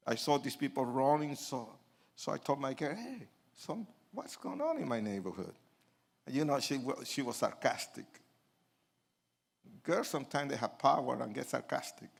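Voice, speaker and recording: A man's voice: mid-range voice, fairly even intonation, moderate pace, gravelly, pauses often, slightly rough. An older man from Puerto Rico telling his life story dramatically to an audience, acting out quoted lines and joking with listeners. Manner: acts out quoted lines, swings from hushed to loud; jokes with the audience. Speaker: speaker giving his testimony.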